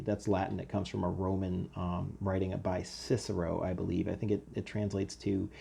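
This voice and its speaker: A man's voice: sits low, flat delivery, moderate pace, creaky, dark tone, husky. A man teaching a casual homeschool history lecture, explaining in a conversational way with asides.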